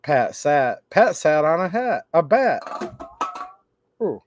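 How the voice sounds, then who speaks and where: A man's voice: on the high side, very animated, slow, background noise. A man hosting a live stream, reading a children's rhyme book aloud in a playful sing-song way.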